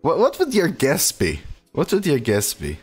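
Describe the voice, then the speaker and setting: At normal speed and with a slightly rough voice, a man streams a digital card game, chatting easily while his pitch rises and falls with his reactions. He responds aloud to chat between turns, over faint background music.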